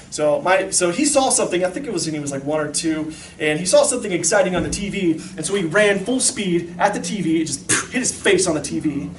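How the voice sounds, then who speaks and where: A man in his thirties gives a casual, animated talk to an audience of parents, full of fillers and quick stories. His voice sits high for a man. It's captured from a distance in a reverberant hall with a faint hum of room noise behind him. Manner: storytelling, animated, lots of fillers.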